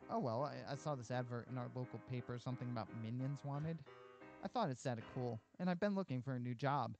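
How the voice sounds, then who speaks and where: A man's voice: mid-range voice, lo-fi sound, over music, close to an everyday voice. A man voicing a timid job-seeker. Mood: hesitant. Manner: hesitant, halting.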